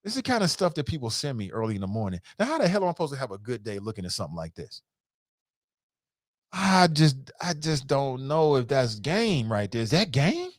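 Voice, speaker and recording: An animated man hosts a talk show and tells a rambling story with a lot of jokes. His pitch swings widely while he acts out what people said. The sound is dry and close, with no room echo. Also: a little fast. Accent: American. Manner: animated, jokey, acts out quotes with voices. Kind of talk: casual storytelling monologue.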